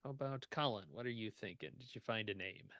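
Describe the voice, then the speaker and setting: A man's voice: lowish voice, fast talker, dry recording, lo-fi sound. Laid-back male game master, dry sound. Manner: laughs often, relaxed and joking. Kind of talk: running a tabletop game over voice chat.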